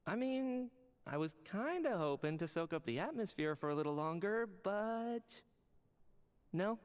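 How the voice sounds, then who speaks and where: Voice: mid-range voice, expressive, measured pace, clean tone, natural voice. An actor playing a playful, carefree young game character who talks in a breezy, cheerful way.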